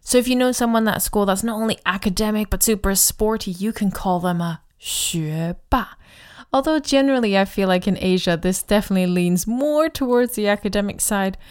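Woman co-host, friendly explainer of Chinese grammar, slows down to model phrases. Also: medium pitch, clean tone. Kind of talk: podcast language lesson.

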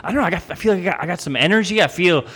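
A man's voice: high-pitched, animated, very fast, a bit bright, breathy edge. A young man co-hosting a podcast, talking casually in a rambling, profane way with many restarts. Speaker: podcast co-host. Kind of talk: casual chat.

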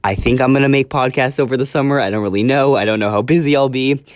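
Here a teenage boy hosts a solo podcast in a mid-range voice, talking fast on a muffled recording with no echo. Casual and earnest, he rambles and keeps correcting himself.

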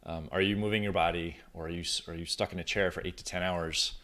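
This solo podcast host has a low, deep voice and chats loosely with his audience while filming himself at his desk. His speech is fast, pushed, and bright with fairly even intonation, and he frequently stops to rephrase mid-idea as though thinking out loud.

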